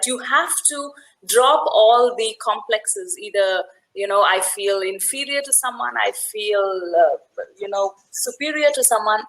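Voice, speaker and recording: Woman leading a workshop, fairly high voice. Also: a bit bright, low-quality recording. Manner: conversational, often checks in with "right?"; briefly acts out the voices of people in her story. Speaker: workshop facilitator. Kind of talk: workshop talk with storytelling.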